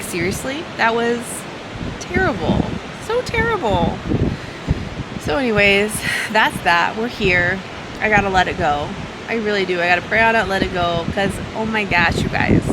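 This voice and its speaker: A woman's voice: medium pitch, background noise. Chatty woman vlogging by the ocean. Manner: chatty, animated, exasperated retelling. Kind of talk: casual vlog storytelling to camera. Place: outdoors by the ocean with waves. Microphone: handheld camera mic.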